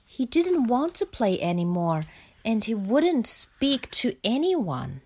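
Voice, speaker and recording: A woman reading a children's picture book aloud, slow and expressive. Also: a little high, slightly rough. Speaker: storyteller.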